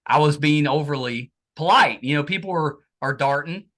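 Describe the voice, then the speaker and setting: A man's voice: on the high side, moderate pace, fairly bright tone. A man from West Virginia hosting a podcast, chatting casually with a guest and telling a folksy story. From West Virginia, USA. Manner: folksy storyteller, friendly banter. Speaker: podcast host. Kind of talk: casual interview chat.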